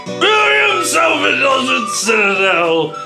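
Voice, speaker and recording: A man's voice: very high voice, wildly swooping pitch, slow, creaky, heavily acted. A man voicing a sleazy British advertisement announcer in a mock radio ad, with a sing-song, mock-pompous delivery. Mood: mock salesy. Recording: roomy sound with music behind.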